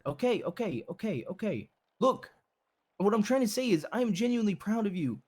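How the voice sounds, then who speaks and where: A man's voice: high-pitched, big pitch swings, a little fast, a little mellow, slightly rough, full character voice. A man playing a blunt, devoted husband who pleads earnestly and repeats himself as he comforts his wife in a game role-play. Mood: pleading.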